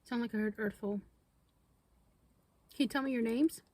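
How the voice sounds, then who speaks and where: A woman's voice: a little high, moderate pace, a little mellow, no room sound. A woman vlogging outdoors at a cemetery, asking questions casually and sometimes dropping to a whisper. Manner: questioning, often drops to a whisper. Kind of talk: casual ghost-hunting vlog talk.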